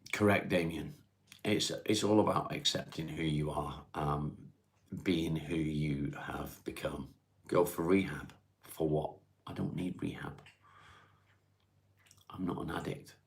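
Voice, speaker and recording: A man from Cheshire, hosting a casual livestream, reading viewers' comments aloud and answering them in a laid-back, unhurried way. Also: very deep voice, gravelly. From England (Cheshire). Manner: laid-back, unhurried, reads chat questions aloud then answers plainly. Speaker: livestream host. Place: at home, smoking while streaming.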